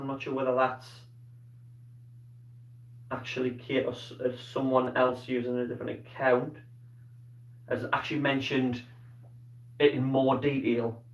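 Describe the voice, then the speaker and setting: A male teacher giving a live online science lesson, asking questions and praising pupils by name. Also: medium pitch. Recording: roomy, distant, dull-toned sound.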